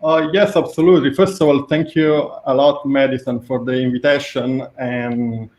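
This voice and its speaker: A man's voice: medium pitch, fairly even intonation, moderate pace, a little mellow. Italian-accented man in an echoey room. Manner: hesitant, many fillers and restarts. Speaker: researcher guest. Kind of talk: explaining study findings.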